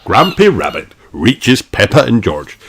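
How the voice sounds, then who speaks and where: Slow, swooping storybook reader. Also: medium pitch, a little hiss or hum. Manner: lively, expressive storytelling. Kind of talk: children's picture-book read-aloud.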